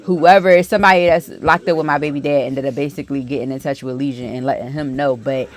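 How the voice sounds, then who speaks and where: A woman vlogger telling a story in a casual, animated and profane way, full of fillers. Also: extremely low pitch, quick pace.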